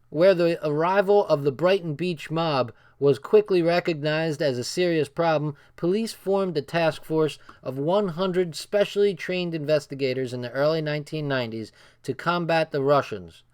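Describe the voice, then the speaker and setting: A man's voice: a little high, clean tone. A man with a New Jersey accent reading a book aloud on a livestream and commenting bluntly, repeating phrases for emphasis.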